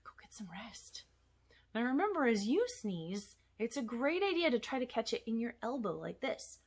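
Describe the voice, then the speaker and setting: A woman, a children's librarian, leading a storytime rhyme with puppets in an animated, sing-song way for young children. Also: fairly high pitch, normal speed, slight background noise.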